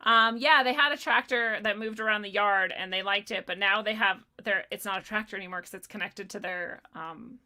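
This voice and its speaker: A woman in her thirties chatting casually on a podcast, animated, laughing and swearing often. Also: mid-range voice, brisk, hardly any pauses. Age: 30s. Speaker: podcast host. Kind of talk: casual chat.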